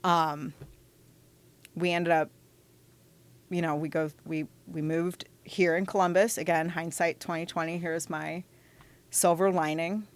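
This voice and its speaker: A woman, a podcast guest, candidly telling her life story in conversation with animated asides and restarts. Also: on the low side, a little slow, pauses often.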